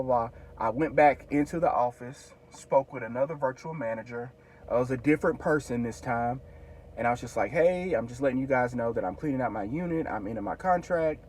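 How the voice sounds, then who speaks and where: A man vlogging, casually retelling a frustrating errand in a chatty way, full of "like" and reported dialogue. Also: mid-range voice. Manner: chatty, retells conversations with many fillers. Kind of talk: casual storytelling.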